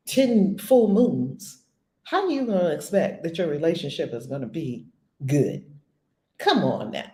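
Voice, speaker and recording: A woman giving a spiritual lesson as a teacher, blunt and animated, swearing casually. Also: medium pitch. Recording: echoey room.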